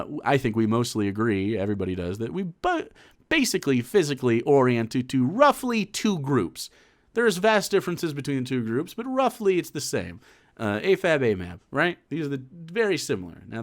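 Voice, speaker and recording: A man riffing over a clip on his stream, his pitch swinging up and down as he talks. He rambles, restarts his sentences, fills gaps with ums and swears freely. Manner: rambling, profane, many fillers and restarts. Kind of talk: casual political commentary.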